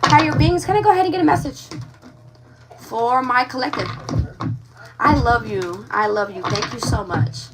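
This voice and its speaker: A woman's voice: a little high, moderate pace, long pauses, far from the mic, background noise. A woman giving a live tarot reading, talking frankly and with animation straight to her viewers. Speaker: tarot reader.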